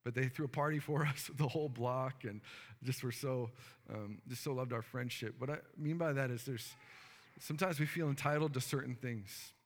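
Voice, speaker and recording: A man's voice: medium pitch, moderate pace, big-room sound. A man, a pastor, preaching a sermon and telling a story earnestly, with many fillers.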